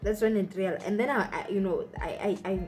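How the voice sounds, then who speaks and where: Brief: young woman with a Botswana accent, mellow tone, chatty storytelling vlogger, faint music behind. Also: mid-range voice, a little fast. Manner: chatty, full of fillers and acted-out quotes. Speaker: YouTuber. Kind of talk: storytelling vlog.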